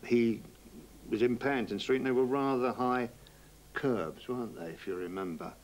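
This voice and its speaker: A man recalling an old story in a conversational, animated way. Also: medium pitch, normal speed, slight background noise. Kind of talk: reminiscing chat.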